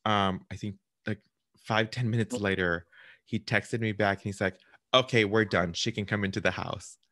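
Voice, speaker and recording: A man's voice: fairly low pitch, fairly even intonation, moderate pace, sharp tone, no echo, clean studio sound. A man, a realtor, telling a client a story in casual chat, acting out the voices of people on the phone. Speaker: realtor hosting a client interview.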